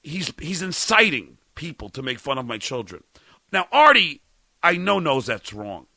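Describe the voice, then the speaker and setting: A man's voice: on the high side, sing-song, normal speed, vocal fry, no echo. A middle-aged man hosting a podcast, ranting angrily with stammers and swearing. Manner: stammering, furious, profane, shouting at times. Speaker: podcast host. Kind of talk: angry on-air rant.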